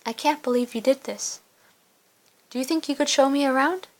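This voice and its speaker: A woman's voice: sits high, normal speed, pitched above the performer's own voice, natural voice. A woman doing a gracious young noblewoman. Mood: delighted. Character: young noblewoman, warm, gently playful.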